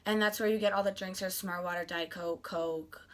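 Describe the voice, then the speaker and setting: A woman's voice: fairly low pitch, normal speed. A young woman vlogger telling a story in a casual, gushing way, acting out what she and her friends said. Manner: excited, gushing, acts out quoted dialogue.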